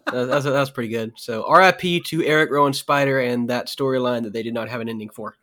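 A man with a bright, mid-pitched voice chats as co-host. He makes dry, offhand comments in a relaxed, conversational way. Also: fast talker. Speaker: podcast co-host. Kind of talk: casual wrestling review chat.

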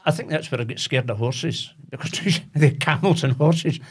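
An older man with a Glaswegian Scottish accent, telling childhood stories as a podcast guest with animated, laughing delivery. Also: medium pitch, moderate pace, husky. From Glasgow, Scotland. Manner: animated anecdotes with frequent laughter. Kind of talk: casual storytelling.

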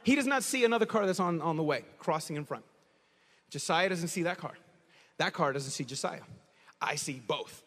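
A man preaching a sermon as pastor, telling a story with animated energy and rising to shouts in places. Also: fairly high pitch, moderate pace, long reverb tail.

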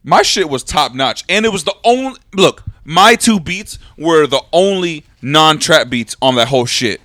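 A loud, brash man, casually boasting and swearing as a podcast co-host. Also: a little high, lively intonation, normal speed, dry recording, studio quality. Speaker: podcast co-host and beat producer.

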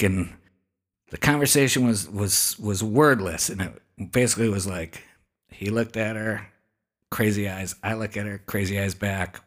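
A man hosting a podcast, telling a story in animated, casual fashion with frequent swearing. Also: on the low side. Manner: animated, swears freely, hushes for quoted whispers. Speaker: podcast host.

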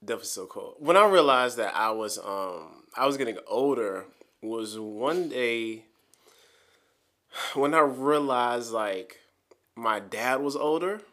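A man around forty co-hosts a casual podcast, and his voice swings up and down in a lively way. He teases his co-host and talks in relaxed slang. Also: medium pitch, unhurried. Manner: playful, teasing, casual slang. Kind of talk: casual chat.

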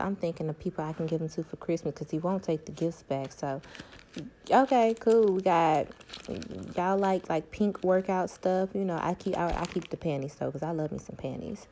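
A woman's voice: on the low side, normal speed, warm tone, slight background noise. A young woman, talking candidly and emphatically to her viewers about her love life and self-worth, repeating points for stress. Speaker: vlogger.

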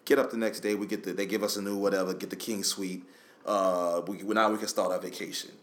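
Deep-voiced fast-talking man telling a story. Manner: profane, animated storytelling. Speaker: podcast co-host. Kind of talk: casual storytelling chat.

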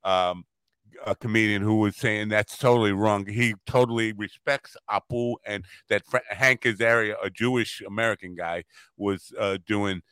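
Low-voiced podcast host with a crisp, dry sound. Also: male voice, fairly even intonation, a bit bright, no room sound. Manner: curious, filler-heavy, quick to joke. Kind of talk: casual podcast chat.

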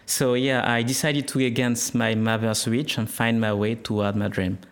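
A man from France with a French accent, a guest in a casual interview, speaking English haltingly as he searches for words. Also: medium pitch, flat delivery, clear, resonant tone. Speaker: guest, dance instructor.

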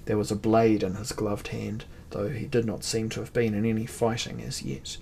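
A man narrating a fantasy novel as an audiobook in a measured, dramatic way. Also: lowish voice, flat delivery, creaky, warm tone, slight background noise.

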